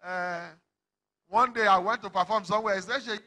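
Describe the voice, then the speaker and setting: A Nigerian man performs stand-up comedy, his high, very bright voice ringing through a big event hall with a long echo. He tells his stories in an animated way, putting on other people's voices and breaking into shouts. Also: moderate pace. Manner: animated storytelling, acting out characters with shouts. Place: large indoor event hall.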